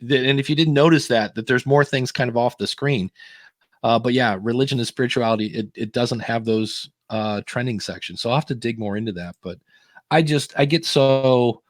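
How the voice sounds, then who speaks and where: A man's voice: mid-range voice, normal speed, dry recording, studio quality. A man co-hosting a live podcast in casual chat, rambling and joking as he reads out viewer questions. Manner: rambling, jokey, self-interrupting. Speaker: podcast co-host.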